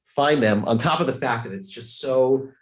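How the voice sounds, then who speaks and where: A man's voice: mid-range voice, moderate pace, roomy sound. A man from Ohio, a podcast guest chatting casually, rambling with many fillers and restarts. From Ohio, USA.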